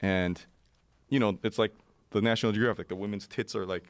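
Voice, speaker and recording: A man's voice: lowish voice, fairly even intonation, a little fast, clean tone. A man in his forties telling a long adventure story, acting out other people's voices with lots of fillers. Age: 40s. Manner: acts out voices in quotes, many fillers. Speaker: podcast guest. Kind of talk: animated storytelling.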